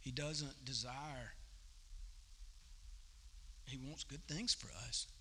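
Folksy preacher with a forceful voice. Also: male voice, medium pitch, slow pace, slight background noise. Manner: folksy, animated storytelling. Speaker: pastor. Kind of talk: sermon. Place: church service.

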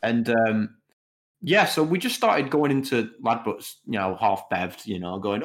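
A young man in his twenties co-hosts a podcast, chatting casually in a lowish voice at a measured pace. He rambles and hesitates a lot, saying "you know" many times.

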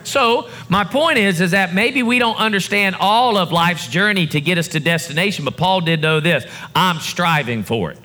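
A man's voice: sits high, normal speed, hardly any pauses, pushed and bright. A male pastor preaching a sermon to his congregation in a church service, building his emphasis in a call-and-response way.

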